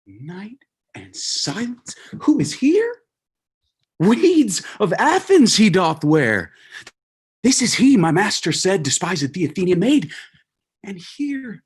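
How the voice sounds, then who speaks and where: A mischievous sprite, played by an actor, creeps through the lines slowly and breathily. The voice often sinks into whispers. The speech is Shakespeare verse, read over a video call. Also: medium pitch, fairly bright tone, full character voice. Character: mischievous sprite servant of the fairy king.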